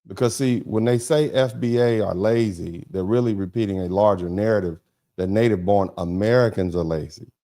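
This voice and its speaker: A man's voice: lowish voice, a little fast, dark tone. A man hosting a political commentary livestream, talking emphatically with lots of repetition. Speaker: host of a commentary broadcast.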